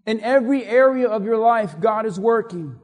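A man's voice: high voice, expressive, moderate pace. A man preaching a sermon with emphatic, repetitive delivery, asking the congregation to repeat after him. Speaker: pastor. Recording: long reverb of a large hall.

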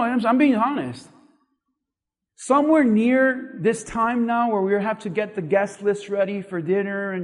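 Male pastor, high voice, emphatic and repetitive sermon delivery, recorded in a reverberant hall. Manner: animated, emphatic preaching with repetition.

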